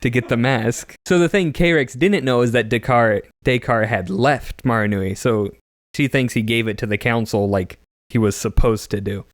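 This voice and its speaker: A man's voice: mid-range voice, moderate pace, no room sound. Chatty young-sounding podcast man, dry mic. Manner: chatty, laughs often, slips into character voices. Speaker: podcast co-host recapping a story. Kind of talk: casual chat.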